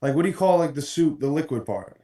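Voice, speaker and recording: A man in his twenties, a guest in a casual chat, talking in a relaxed, hesitant way with lots of ums as he searches for words. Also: fairly high pitch, fast, distant mic. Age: 20s. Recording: roomy sound from farther off the mic.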